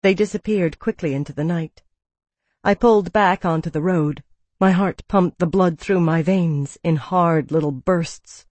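Audiobook narrator, woman, low pitch, dry close studio sound, measured reading. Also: a little mellow, no room sound. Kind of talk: scripted narration.

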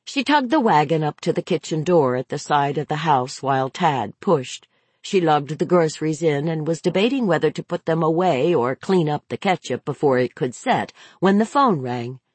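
A woman reads a novel aloud in a measured, expressive manner. Her low, husky voice rises and falls with lively pitch. She reads at a slow, careful pace. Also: no room sound. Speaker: audiobook narrator. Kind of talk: scripted narration.

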